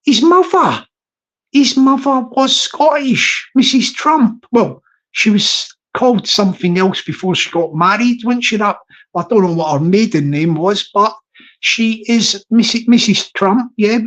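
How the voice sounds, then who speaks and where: A man's voice: sits high, expressive, a little slow, a bit bright, low-quality recording. A man with a London accent hosting a casual livestream, rambling and chuckling as he chats. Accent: London English. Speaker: livestream host.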